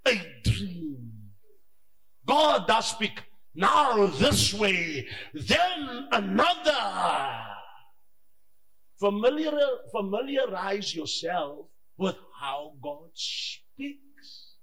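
A man preaching with a bright, high and wildly lively voice. He swings from loud bursts to quiet asides and acts out little conversations as he delivers his sermon. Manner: animated, shifts between shouting and hushed asides; acts out dialogue in his stories. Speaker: pastor.

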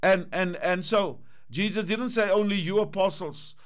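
A middle-aged man delivers a sermon, reading old-style scripture and commenting on it. His voice sits fairly high for a man and climbs higher and louder when he presses a point. He keeps punctuating with amen and hallelujah. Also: normal speed. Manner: emphatic, repeats "amen" and "hallelujah"; rises in pitch and force for emphasis. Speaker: preacher.

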